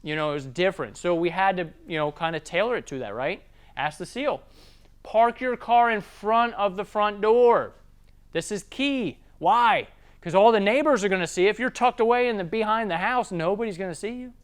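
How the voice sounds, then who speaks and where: A young man with a Southern US accent giving a casual sales training talk, acting out customers in quick voices. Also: high-pitched, lively intonation, smooth.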